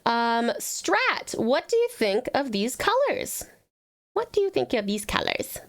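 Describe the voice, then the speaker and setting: A woman with an Australian accent chats through a live stream, warmly doting on viewers and swearing freely. Her voice sits high and swoops up and down with lively bounce. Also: unhurried. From Tasmania, Australia. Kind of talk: casual live-stream chat.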